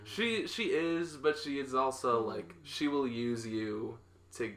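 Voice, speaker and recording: Bright-voiced young man recapping a comic. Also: medium pitch, slow pace. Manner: rambling storyteller, acts out quotes, laughs often. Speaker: podcast co-host recapping a comic. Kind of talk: casual chat. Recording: echoey room.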